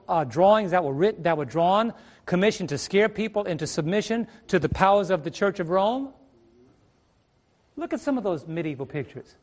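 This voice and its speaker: A middle-aged man preaching a sermon from a stage, emphatic, throwing rhetorical questions at the congregation and drawing out key words. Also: sits high. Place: church stage. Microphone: stage microphone.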